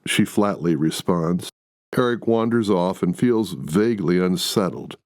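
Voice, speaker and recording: A man narrating a story in a measured, descriptive reading. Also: low voice, lively intonation, a little mellow, no room sound, studio quality. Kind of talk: audiobook narration.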